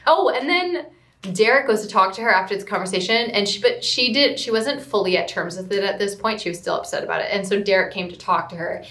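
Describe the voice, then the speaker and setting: A woman's voice: medium pitch, fast, hardly any pauses. Chatty woman recapping a movie in an echoey room. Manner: rambling, heavy use of "like", sudden excited squeals. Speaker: movie reviewer. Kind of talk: casual chatty film recap. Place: room at home.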